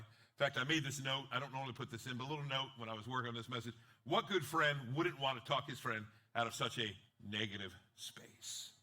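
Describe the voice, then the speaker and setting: A male pastor with a medium-pitched voice preaches an animated sermon, acting out quotes and joking with the congregation. He swings between quiet asides and loud bursts.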